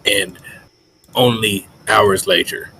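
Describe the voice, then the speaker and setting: A man's voice: on the low side, steady tone, slow pace, pushed and bright, slight background noise, exaggerated voice, poor audio. A man voicing a stern male giant guard who speaks in short, accusing sentences.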